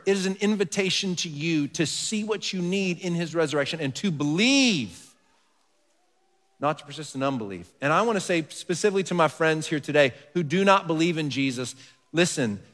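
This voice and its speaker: A man preaching a sermon as pastor, reading scripture softly and building to earnest emphasis. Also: a little high, lively intonation, brisk. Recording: long hall reverb.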